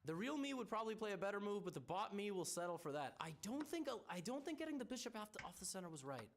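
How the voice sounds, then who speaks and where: Streamer type, man, higher than average voice, talks himself through moves with restarts and dry jabs, faint noise behind. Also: big pitch swings, fast talker. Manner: ponders moves aloud, stammering restarts, wry teasing. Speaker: chess streamer. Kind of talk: thinking aloud while playing chess.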